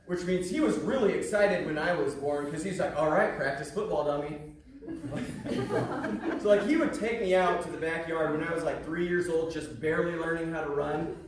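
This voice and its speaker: A young man from Kansas performing a stand-up comedy set, telling animated stories and acting out the voices of the people in them. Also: on the high side, normal speed, slight background noise. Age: young adult. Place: comedy club in a small town. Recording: echoey club, mic far off, crowd laughing. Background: audience laughter.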